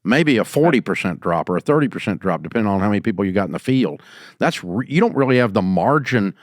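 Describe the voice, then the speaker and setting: An older man hosting a business advice show, answering a caller in a folksy storytelling way and going quieter when he quotes people. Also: mid-range voice, no echo, studio quality. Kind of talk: call-in advice talk.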